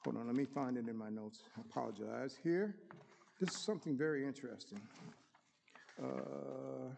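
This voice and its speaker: A man's voice: mid-range voice, moderate pace, creaky, background noise. A man preaching a sermon, reading scripture aloud with rising emphasis and stopping now and then to find his notes. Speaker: deacon preaching. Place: church sanctuary. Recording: long reverb of a church hall.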